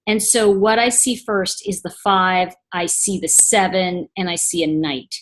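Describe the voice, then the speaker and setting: A woman teaching tarot reading in a chatty monologue, acting out little scenes in a hushed voice. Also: mid-range voice, a little slow.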